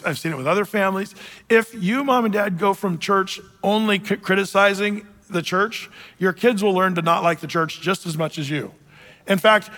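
Gravelly guy preaching a chatty sermon, higher voice, church hall echo. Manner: conversational preaching, dips low and soft to mimic grumbling. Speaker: pastor. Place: church sanctuary.

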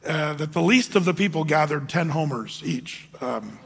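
A man's voice: animated, moderate pace, gravelly, big-room sound, noisy background. A man preaching a sermon as pastor, talking conversationally with many fillers and restarts and acting out quoted voices. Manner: acts out quoted voices with raised pitch.

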